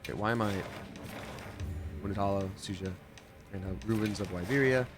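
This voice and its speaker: A man's voice: lowish voice, normal speed, background noise. A young man chatting casually while playing a game on a livestream, rambling and answering viewers' questions from his home setup. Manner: chatty, rambling, reads chat aloud. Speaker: streamer and voice actor. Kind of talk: casual livestream gameplay chat.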